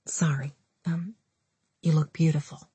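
A woman voicing a soft-spoken male prisoner on his wedding day, quiet and earnest. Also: a little high, flat delivery, unhurried, husky, no room sound. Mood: tender hush. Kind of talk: audiobook character voice.

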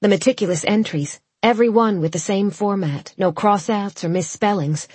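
A woman narrating a first-person audiobook in a measured, reflective way. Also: medium pitch, darkish tone, slightly rough, no room sound.

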